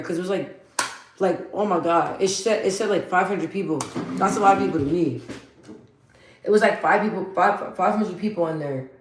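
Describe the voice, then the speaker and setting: A woman with a deep, bassy voice talks straight to her viewers while doing her makeup at home. She is blunt and slangy, and she drives her points home by repeating them. The room around her gives a noticeable echo. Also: normal speed, background noise. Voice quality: deep for her, in her own words. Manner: emphatic, repeats phrases for emphasis, motivational. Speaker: vlogger. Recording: roomy echo.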